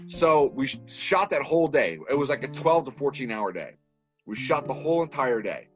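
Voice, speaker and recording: A man from Massachusetts, a guest on a podcast, telling stories in a casual, animated way with plenty of restarts. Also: mid-range voice, a little fast. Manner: animated storyteller, lots of restarts and laughs. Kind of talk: casual interview chat. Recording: dull lo-fi podcast audio with faint music.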